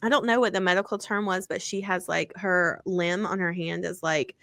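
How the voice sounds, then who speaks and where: A woman's voice: fairly low pitch, steady tone, moderate pace, fairly bright tone, dry recording. Woman gushing about books, rambly and sweary, super dry close sound. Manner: chatty, swearing, lots of fillers and like. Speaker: podcast co-host. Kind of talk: casual chat about romance books.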